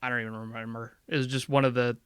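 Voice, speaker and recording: A man's voice: mid-range voice, little pitch movement, fast, a bit bright, clear, resonant tone, no echo, clean studio sound. A man chatting casually on a podcast in a laid-back, rambling way, swearing now and then. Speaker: podcast co-host. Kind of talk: casual chat.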